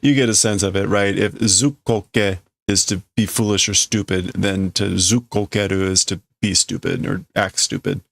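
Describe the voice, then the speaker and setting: A man's voice: sits low, steady tone, normal speed, gravelly, few pauses, fairly bright tone, no room sound. A man casually translating manga on a live stream, thinking aloud, correcting himself and chuckling as he works out meanings. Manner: musing, self-correcting, chuckling.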